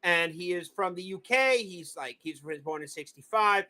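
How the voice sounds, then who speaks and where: A man hosting a casual livestream movie review, rambling, excitable and quick to swear. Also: high-pitched. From Massachusetts. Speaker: movie review show host.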